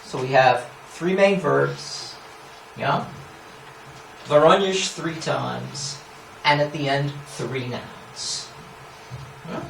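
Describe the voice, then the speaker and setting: A man's voice: fairly high pitch, very slow, creaky, long pauses, noisy background. A man giving an academic lecture, explaining scholarly points with asides and frequent "yeah?" checks to the audience. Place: lecture hall. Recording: echoey lecture hall, mic at a distance.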